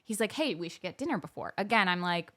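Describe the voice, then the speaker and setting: Animated woman telling a dating story. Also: mid-range voice, quick pace. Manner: animated, acts out quoted dialogue. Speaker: podcast co-host. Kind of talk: casual storytelling chat.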